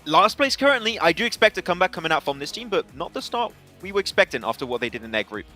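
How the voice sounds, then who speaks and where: A man talking as an esports analyst at a desk, in quick rambling chat with restarts. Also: high voice, big pitch swings, sharp tone, faint music behind.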